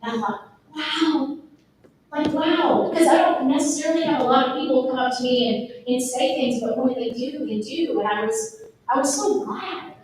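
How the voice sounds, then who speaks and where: Woman, Texan accent, high voice, middle-aged, motivational speaker, lively and emphatic, heard from a distance. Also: brisk, slight background noise. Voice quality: lively and emphatic, addressing the crowd directly. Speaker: speaker at a real estate event. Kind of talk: motivational talk to an audience. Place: event room. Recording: very echoey room, voice from far off.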